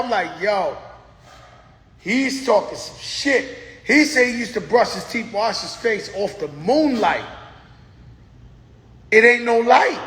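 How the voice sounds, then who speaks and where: A man hosts a casual monologue, stretching words out for hype. His voice sits high and his delivery is slow. The room around him is echoey, with a long reverb tail. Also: fairly bright tone. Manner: drawn-out hype, storytelling with acted quotes. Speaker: show host.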